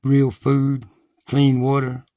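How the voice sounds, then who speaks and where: A man's voice: medium pitch, monotone, slow, no room sound. Blunt, profane middle-aged man ranting. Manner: rises to agitated, loud ranting. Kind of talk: impassioned monologue to viewers.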